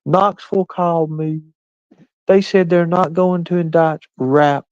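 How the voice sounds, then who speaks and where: A man putting on a mocking impression of a smug woman, in a slow sing-song voice, over dull lo-fi stream audio. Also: a little high, fairly even intonation, darkish tone, clear, resonant tone, no echo, pitched above the performer's own voice, close to an everyday voice.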